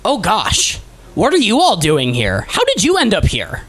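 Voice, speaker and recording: A man's voice: sits high, huge pitch swings, normal speed, fairly bright tone, exaggerated voice. A man voicing a flustered male guard who fusses and urges people to safety. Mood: urgent. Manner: urgent, fussing. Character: flustered fairy-land guard, male adult.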